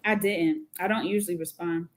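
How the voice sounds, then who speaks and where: A woman's voice: lowish voice, fairly even intonation, brisk. A woman co-hosting a casual chat show, reading messages aloud with mock precision and trading frank, laughing banter. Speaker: co-host.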